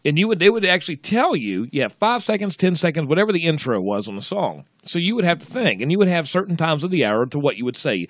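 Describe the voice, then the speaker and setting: Animated male podcast host, dry mic. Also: a little high, quick pace, few pauses, no echo. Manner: animated storytelling, frequent restarts and throat clearing. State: slightly choked up. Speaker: podcast host, former radio DJ. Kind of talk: casual podcast chat.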